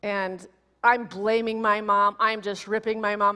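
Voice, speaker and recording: A woman minister in her forties giving a sermon, telling a personal story in an animated, emotional way. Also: medium pitch, measured pace. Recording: long reverb of a large hall.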